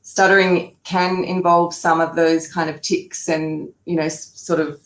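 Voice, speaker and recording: An Australian woman with a slightly low voice chats as a guest, joking and laughing between points. Her words echo around the room on a video call. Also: flat delivery, a little slow. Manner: jokey, laughs between remarks. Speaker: guest, speech pathologist and comedian. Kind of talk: casual chat.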